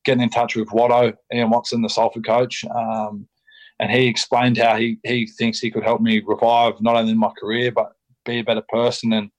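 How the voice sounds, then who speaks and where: On a podcast, a young Australian man who plays rugby league chats frankly in a medium-pitched, completely flat voice at a moderate pace, and the audio is poor. He's blunt and casual, swearing, restarting and saying um a lot.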